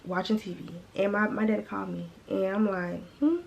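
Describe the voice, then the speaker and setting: A woman's voice: medium pitch, flat delivery, brisk, vocal fry, muffled recording. A young woman telling a story casually to her viewers, in a chatty, slangy way, often calling them y'all. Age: young adult. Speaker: vlogger.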